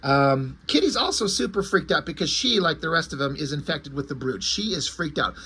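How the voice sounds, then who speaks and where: A man's voice: fairly high pitch, lively intonation, fairly quick, bright, forceful tone, slight background noise. A man casually reviewing an old comic book, rambling and correcting himself as he goes, with the odd swear word.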